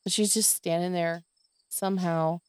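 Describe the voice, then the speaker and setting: A woman's voice: fairly low pitch, fairly even intonation, normal speed, clean tone, no echo. A woman hosting her own podcast, venting in a tired, exasperated monologue full of swearing. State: exhausted. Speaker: podcast host.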